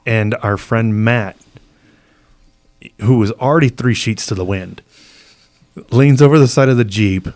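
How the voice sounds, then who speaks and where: A man's voice: medium pitch, normal speed, pauses often, a little mellow. A man co-hosting a podcast, telling a long story in a laid-back, rambling way and acting out the people in it. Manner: laid-back, rambling, acts out quoted voices. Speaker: podcast co-host. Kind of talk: casual storytelling chat.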